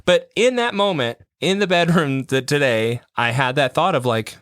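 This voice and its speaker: A man's voice: fairly high pitch, normal speed, fairly bright tone, dry recording, studio quality. A man chatting on a podcast in a rambling, self-mocking way, often breaking into laughs. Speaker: podcast co-host. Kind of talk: casual podcast chat.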